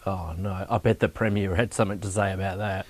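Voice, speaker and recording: Teasing man, lower voice. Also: steady tone, quick pace. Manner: teasing, banter. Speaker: co-host. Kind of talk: casual chat.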